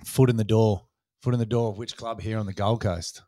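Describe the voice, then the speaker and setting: A man's voice: lowish voice, fairly quick, no room sound, studio quality. Australian man, casual podcast host. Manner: swears freely, animated retelling with put-on voices. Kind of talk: casual storytelling chat.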